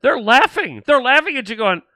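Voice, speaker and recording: Male livestream host, sarcastic political rant, lively high voice. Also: moderate pace, no echo. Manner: animated and sarcastic, mocking other voices.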